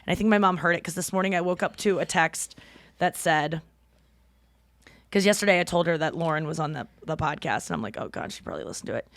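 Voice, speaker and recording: A woman's voice: lowish voice, fairly quick, no room sound. A woman in her thirties hosting a podcast, rambling casually and swearing freely with self-deprecating humor. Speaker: podcast host. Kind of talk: casual chat.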